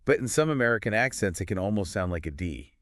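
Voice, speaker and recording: A man co-hosting a podcast, talking in a relaxed conversational way and summing up points. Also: on the low side, fast, no echo, studio quality. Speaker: podcast co-host. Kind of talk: casual chat about pronunciation.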